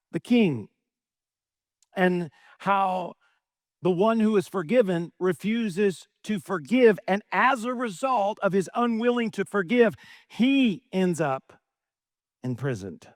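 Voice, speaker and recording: A man's voice: high voice, expressive, slow pace, dry recording, studio quality. A middle-aged male pastor preaching a sermon, asking rhetorical questions and often adding "right?".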